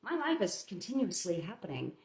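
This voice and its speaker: A woman's voice: medium pitch, big pitch swings, fairly quick, darkish tone. A woman hosting a live baking stream, giving viewers a chatty, motherly pep talk in her home kitchen. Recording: roomy echo.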